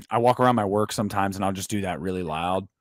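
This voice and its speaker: A man's voice: deep voice, fast, no room sound. A man hosting a livestream in casual chat, rambling with many fillers and restarts. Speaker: livestream host.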